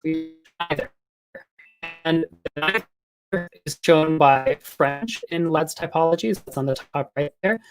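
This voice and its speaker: A man's voice: a little high, slow, pauses often, soft background music. A man giving an academic lecture on phonetics in a casual, explanatory way, with frequent ums and fillers. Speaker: linguistics lecturer.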